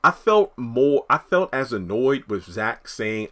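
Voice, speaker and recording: A man's voice: medium pitch, takes it slowly. A man recapping a TV episode for his YouTube channel in casual commentary, his throat a bit sore. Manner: chatty, animated commentary.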